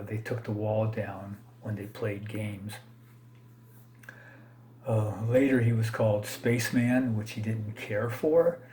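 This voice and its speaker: A man's voice: fairly low pitch, mellow, slight background noise. A man casually talking through his collection, hesitant and rambling, often correcting himself and joking about his own mistakes. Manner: self-deprecating, laughs at own slips. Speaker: card collector vlogger. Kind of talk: casual unscripted commentary.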